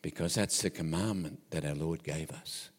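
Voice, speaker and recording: A man voicing a frail 103-year-old man who speaks slowly, softly and solemnly. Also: extremely low pitch, pitched below the performer's own voice.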